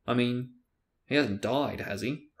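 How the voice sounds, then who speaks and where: A man voicing an excitable teen boy wizard. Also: medium pitch, a little slow, natural voice. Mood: eager. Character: young male student wizard, hot-tempered.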